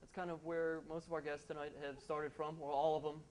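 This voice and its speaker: A man's voice: a little high, little pitch movement, brisk, very noisy. A man hosting a late-night show, building up to a guest's introduction. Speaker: show host. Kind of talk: introducing a comedian.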